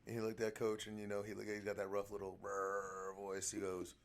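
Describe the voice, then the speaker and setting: A middle-aged man, hosting a casual podcast and telling lively coaching anecdotes. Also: on the low side, fairly quick. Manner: chatty storyteller, animated anecdotes. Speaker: podcast host, shooting coach.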